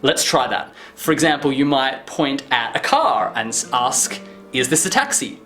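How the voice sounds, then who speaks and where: A man giving a casual language lesson, jumping high in pitch when acting out example phrases. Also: sing-song, moderate pace, pushed and bright, faint music behind. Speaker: language teacher.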